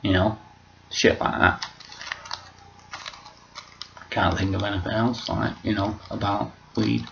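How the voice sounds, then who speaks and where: A man's voice: lowish voice, flat delivery, slow, vocal fry, long pauses, fairly bright tone, slight background noise. A man talking to camera in a casual, rambling vlog monologue, off the cuff and sweary. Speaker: vlogger. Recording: muffled lo-fi recording.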